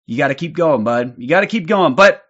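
A man streaming, giving crude, excited live reactions to video clips. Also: on the high side, fairly quick. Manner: excitable, crude, hyped outbursts. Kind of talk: profane live reaction commentary. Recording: muffled audio, crowd and noise behind.

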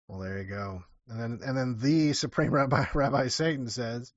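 A man's voice: fairly high pitch, big pitch swings, unhurried, a bit bright, no echo. A man hosting a livestream and casually reading out viewer messages, talking in an offhand, rambling way. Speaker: livestream host. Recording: dull lo-fi dry sound.

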